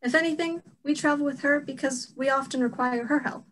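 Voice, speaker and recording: A young woman playing a formal, emotionless female elf warrior on stage, speaking stiffly and deadpan. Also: sits high, brisk, poor audio. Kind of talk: stage play acting.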